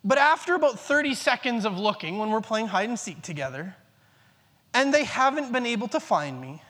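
A man's voice: sits high, pushed and bright. A man in his thirties preaching a sermon, earnest, repeating key phrases for emphasis. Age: 30s. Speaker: pastor. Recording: long reverb in a large hall.

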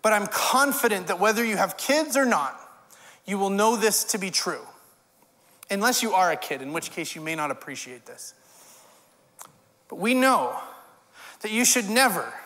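A man's voice: high-pitched, pushed and bright. A male pastor preaching a sermon in a conversational way, with wry humorous asides. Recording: long hall reverb.

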